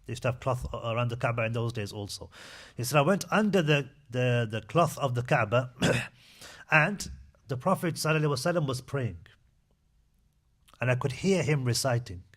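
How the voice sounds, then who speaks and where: Brief: male lecturer, mid pitch, relaxed storytelling talk with fillers, mosque setting. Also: moderate pace. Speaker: imam giving a talk.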